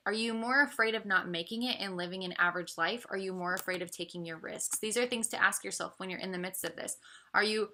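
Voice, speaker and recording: A woman's voice: medium pitch, fast talker, sharp tone. A young woman coaching her audience in an earnest motivational talk, asking question after question with frequent fillers. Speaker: business coach.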